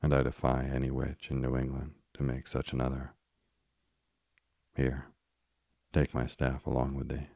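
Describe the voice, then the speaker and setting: A man's voice: rumbling low, monotone, normal speed, creaky, pauses often, dark tone, no echo, studio quality, heavily acted. A man voicing a doting old witch woman in an audiobook, speaking in fond, archaic phrasing. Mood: proud.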